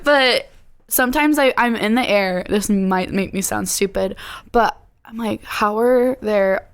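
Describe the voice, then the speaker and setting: A woman's voice: medium pitch, unhurried, clean tone. A woman, a flight attendant, chatting casually on a podcast, laughing often and acting out her passengers. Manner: laughs often, acts out customers.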